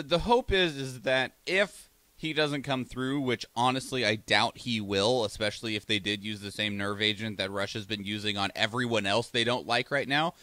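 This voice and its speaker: A man's voice: medium pitch, pushed and bright, no echo. A man co-hosting a podcast, chatting loosely, reading news out, laughing and swearing as he goes. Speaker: podcast co-host. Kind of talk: casual chat, reading news.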